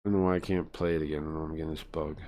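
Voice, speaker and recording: A man's voice: a bass voice, little pitch movement, very fast, darkish tone. A male live streamer giving blunt, crude, rambling reaction commentary full of fillers.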